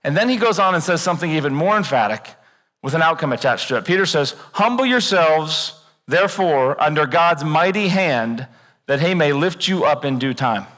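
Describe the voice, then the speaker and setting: A man preaching a sermon in a church, animated and joking, acting out worried voices. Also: a little high, normal speed, in a large hall. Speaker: pastor. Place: church auditorium.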